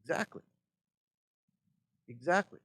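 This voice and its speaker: Conversational pastor teaching a class. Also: male voice, slow pace, fairly bright tone. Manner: conversational, checks in with "right?". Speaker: pastor teaching church administration. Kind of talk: classroom lecture.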